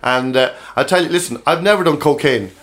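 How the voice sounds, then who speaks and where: A man's voice: a little high, a little fast, fairly bright tone. Man telling rambling stories. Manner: rambling anecdotes with laughs. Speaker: podcast co-host and comedian. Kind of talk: casual chat.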